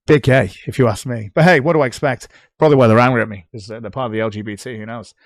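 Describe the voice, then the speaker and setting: A man's voice: medium pitch, racing, no room sound, clean studio sound. A British man on a livestream, talking back at posts he reads aloud in a sarcastic, sweary way. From Britain. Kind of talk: casual livestream commentary.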